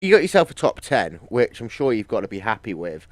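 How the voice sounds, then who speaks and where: A man's voice: on the low side, very animated, brisk, no room sound. Breezy male race presenter, dry sound. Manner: breezy, chatty, teasing. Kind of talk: live sim-racing post-race interviews.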